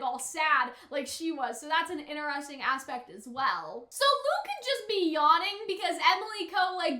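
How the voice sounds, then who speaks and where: A young woman talking through an anime episode in casual commentary, chatty and full of fillers, often slipping into quick character impressions. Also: high-pitched, bright, forceful tone, echoey room. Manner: chatty, filler-heavy, quotes characters in put-on voices. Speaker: anime reaction YouTuber.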